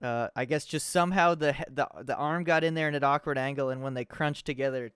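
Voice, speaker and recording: A man's voice: mid-range voice, fairly even intonation, quick pace, fairly bright tone, clear, resonant tone, dry recording, clean studio sound. A young man co-hosting a casual sports podcast, laid-back and chatty, often saying "dude". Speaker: podcast co-host. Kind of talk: casual chat.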